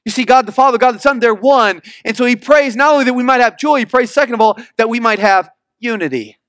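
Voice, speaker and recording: A male pastor preaches emphatically and calls for answers from the congregation. He reads scripture slowly and deliberately. His voice sits very high and the sound is dry and close. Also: fairly bright tone, no echo. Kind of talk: sermon.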